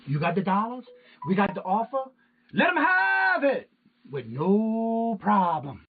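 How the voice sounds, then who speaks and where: A man doing a hyped-up pitchman with a very high, bouncy voice that leaps all over, hammering his catchphrases in a sales patter. It sounds thin and tinny, like it came down a phone line. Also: sing-song, a little slow, full character voice. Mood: hyped salesman. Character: loud pitchman man hawking deals.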